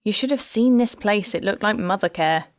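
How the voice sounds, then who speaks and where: A woman's voice: medium pitch, expressive, moderate pace, no room sound, studio quality, natural voice. An audiobook narrator, a woman, voicing a heartbroken female detective who tells her past with wry bitterness. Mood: wistful. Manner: wry, rueful storytelling.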